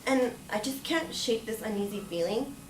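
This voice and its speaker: A woman's voice: fairly high pitch, expressive, moderate pace. Young woman telling a story from far off. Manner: casual, chatty, full of "like", acts out quotes. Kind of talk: live personal storytelling. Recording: echoey room from far off, faint noise.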